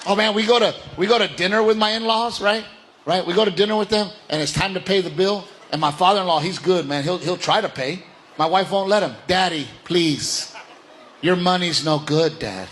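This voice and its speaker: A man's voice: sits high, fast talker, fairly bright tone. A male stand-up comedian, chatty with incredulous asides about family. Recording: stand-up stage with room noise.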